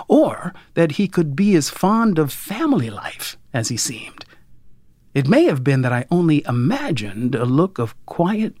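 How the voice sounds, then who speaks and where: Wry first-person storyteller, unhurried and dry, lively intonation, close studio sound, occasional whispered asides. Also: medium pitch, dry recording. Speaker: audiobook narrator. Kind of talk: scripted first-person narration.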